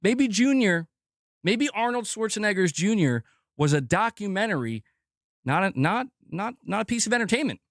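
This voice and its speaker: A young adult man streaming about games, venting in a profane, animated way and acting out mock quotes of his critics. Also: sits high, moderate pace, dry recording, clean studio sound. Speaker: gaming streamer. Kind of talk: casual livestream rant.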